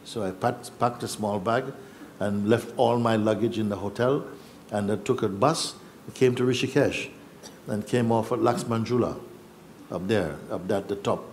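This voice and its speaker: A man telling a personal story in a reflective, halting way, acting out what others said. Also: fairly low pitch, a little mellow, slight background noise. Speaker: spiritual teacher.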